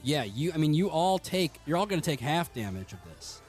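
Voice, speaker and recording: A man's voice: fairly high pitch, sing-song, fairly quick, soft background music. A man running a tabletop game as game master, narrating in a rambling way full of fillers and laughs.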